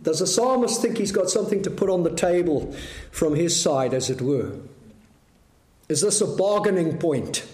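A man preaching a sermon, measured and full of rhetorical questions to the congregation. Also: high-pitched, lively intonation, darkish tone, echoey room.

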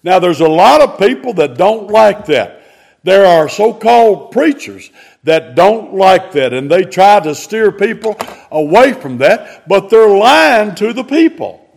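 A man delivers a sermon in a high, gravelly voice. He speaks slowly and emphatically, and his pitch swings widely as he preaches. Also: big pitch swings, darkish tone. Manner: emphatic, drawn-out preaching with sudden rises in pitch.

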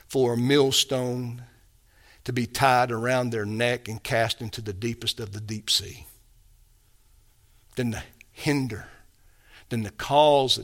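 A man preaching a sermon as a pastor, emphatic, swinging between hushed and raised delivery. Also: mid-range voice.

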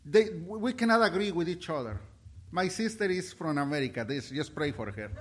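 Male pastor, fervent sermon delivery, stumbles and restarts, slightly high voice. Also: expressive, a little hiss or hum. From Mexico. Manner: impassioned, halting with restarts, swings between loud and soft. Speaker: preacher.

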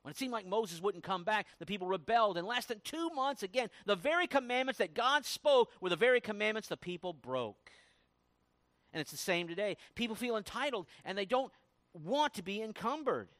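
A man preaching a sermon in a high, very lively voice that climbs and drops with every point. He swings from booming emphasis to quiet, low asides. The sound is close and dry, with no room around it. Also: brisk, no room sound. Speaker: pastor.

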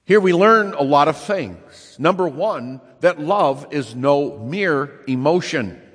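A man preaching a sermon, emphatic, repeating key phrases and slowing down to stress them. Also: a little high. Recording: long reverb in a large hall.

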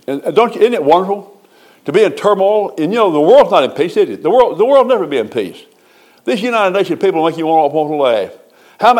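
A man preaching a sermon in a folksy, talkative way, with a voice that sits a little higher than most men's. He leans into key words and stretches them out, then drops back into easy, chatty asides to the congregation. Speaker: pastor.

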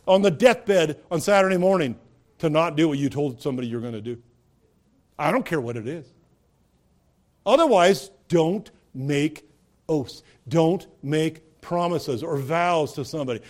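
A man's voice: sits high, animated, moderate pace, pauses often, darkish tone. A man preaching a sermon in a conversational way, asking rhetorical questions and rising to emphatic peaks. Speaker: pastor.

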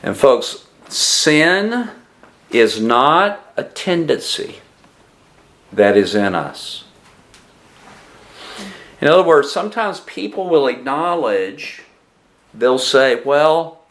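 A man's voice: mid-range voice, very animated, drawn-out words, long pauses, fairly bright tone. A man preaching a sermon who keeps asking the congregation questions.

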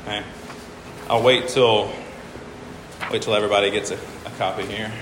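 Bright-voiced man teaching in an echoey hall. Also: lowish voice, little pitch movement, moderate pace, a little hiss or hum. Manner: patient, stops to count syllables aloud and repeats himself. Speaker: teacher explaining hymn meters. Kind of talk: informal classroom lecture.

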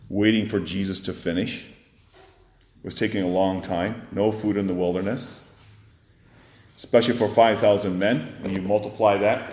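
A man preaching an expository sermon, animated and acting out the disciples' and Jesus' words in a raised voice. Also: on the low side. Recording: echoey hall with faint noise.

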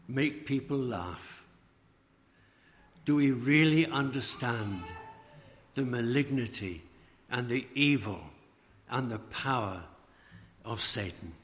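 A man preaching a sermon, slow and emphatic, letting phrase ends fall away. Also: medium pitch. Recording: long church reverb.

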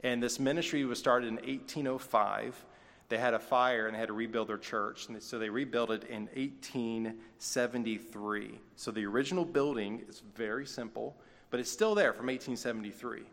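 A man's voice: mid-range voice, normal speed, vocal fry, a bit bright. A man preaching a sermon as pastor, conversational, with folksy asides. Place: church sanctuary. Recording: long reverb of a church hall.

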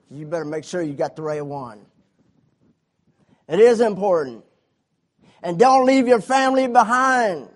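A man preaching a sermon, his voice swelling loudly on key points and dropping low between them. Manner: preaching with surges of volume and drawn-out emphasis. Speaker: pastor.

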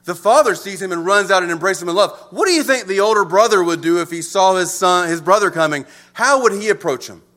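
A male pastor with a high, bright voice delivers a sermon. His pitch swings widely, and he moves from emphatic lines to hushed ones. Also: animated, fast talker, hardly any pauses.

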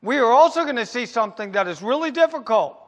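A man preaching a sermon as pastor, asking rhetorical questions and answering them himself, slowing down to stress his points. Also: extremely high pitch, lively intonation, big-room sound. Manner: emphatic, slows down to stress points.

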